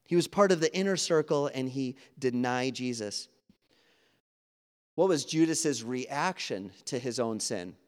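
A man's voice: mid-range voice, animated, measured pace. A man preaching an earnest, conversational sermon, acting out quoted dialogue as he goes. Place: church sanctuary. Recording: long hall reverb.

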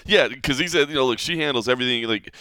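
A man's voice: medium pitch, expressive, a little fast, sharp tone, no echo. A man hosting a podcast, chatting casually and rambling with many fillers and restarts. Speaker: podcast host. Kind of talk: casual chat. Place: Las Vegas, Nevada.

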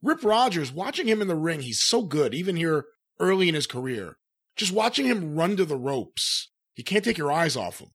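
Higher-voiced man co-hosting a podcast. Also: normal speed, slightly rough. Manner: relaxed, wraps up with plugs. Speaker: podcast co-host. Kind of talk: casual podcast review chat.

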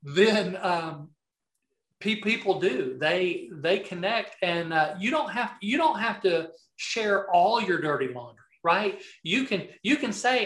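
A man's voice: high-pitched, takes it slowly, reverberant. A middle-aged man with a Southern accent, a guest telling rambling stories in a casual interview, full of restarts. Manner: rambling, many restarts, animated anecdotes. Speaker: podcast guest, video marketing coach.

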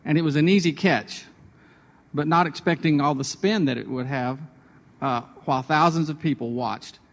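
On a radio devotional, a man with a somewhat high voice speaks at normal speed in a chatty, storytelling way. He works from personal anecdotes toward a spiritual sermon point, and a long hall reverb trails after his words.

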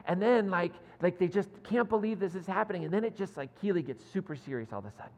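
Male pastor, chatty, self-deprecating storyteller, slightly higher voice, echoing sanctuary. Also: expressive, quick pace, darkish tone. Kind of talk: sermon. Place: church sanctuary. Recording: long hall reverb.

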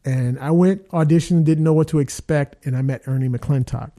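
A man, an actor being interviewed, who tells rambling, animated stories with lots of fillers. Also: a little high, moderate pace. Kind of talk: casual storytelling.

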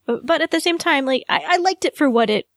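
A woman's voice: high voice, expressive, quick pace, fairly bright tone, no echo, clean studio sound. A woman co-hosting a podcast in casual chat, thoughtful and careful, hedging as she talks. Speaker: podcast co-host.

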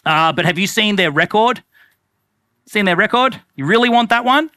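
Guy putting on a jumpy orphanage worker, high bright voice, stammers all over. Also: moderate pace, no echo, studio quality. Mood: flustered. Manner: excited, stammering. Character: flustered orphanage worker, panicky and fawning.

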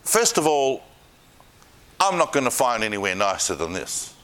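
Man, Bible teacher, lively storytelling lecture, chatty asides, bright voice. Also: mid-range voice, normal speed. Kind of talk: lively lecture to a live class.

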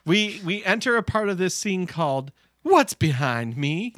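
A man's voice: sing-song, a little slow, a bit bright, no echo. A man co-hosting a casual podcast, joking as he recaps a TV episode. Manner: playful, mimics lines in a high put-on voice. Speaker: podcast co-host.

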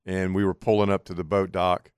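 Smooth, low-voiced folksy man. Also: flat delivery, brisk, no echo, studio quality. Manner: folksy, vivid storyteller. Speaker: fishing show co-host, captain. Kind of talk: casual podcast chat.

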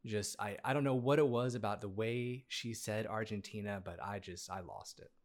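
A man co-hosting a casual movie review chat, playful and animated. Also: on the low side, normal speed. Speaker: podcast co-host.

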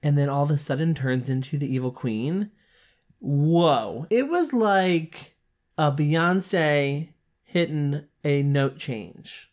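A woman co-hosting a casual book podcast, playful and animated, laughing often. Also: sits low, takes it slowly. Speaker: podcast co-host.

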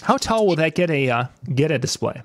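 A man's voice: on the high side, sing-song, a little fast. Man hosting, asking rambling questions. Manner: rambling, restarts his questions. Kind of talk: casual interview questions.

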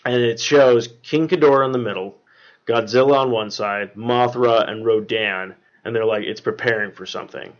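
A man hosts a casual podcast, recapping a film in a loose, rambling way. He leans on fillers and swears freely, and his voice sits in an ordinary middle pitch. The recording is dull and lo-fi. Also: normal speed. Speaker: podcast host. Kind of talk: casual movie recap chat.

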